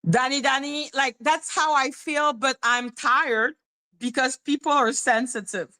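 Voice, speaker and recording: A woman's voice: high-pitched, fairly even intonation, a little slow, bright, forceful tone. A woman hosting a casual live-stream commentary, blunt and irritated, sounding condescending, swearing and repeating herself.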